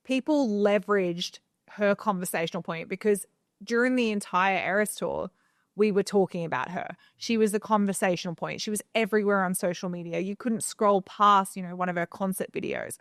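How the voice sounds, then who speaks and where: A woman's voice: mid-range voice, a little fast, dry recording. A young woman co-hosting a casual podcast from a home studio, chatty and opinionated as she gives advice. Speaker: podcast co-host.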